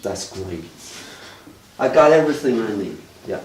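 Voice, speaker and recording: A man doing live character comedy as a detective, with deadpan mock-official patter aimed at the audience. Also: lowish voice, normal speed. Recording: echoey live room, distant mic, faint noise.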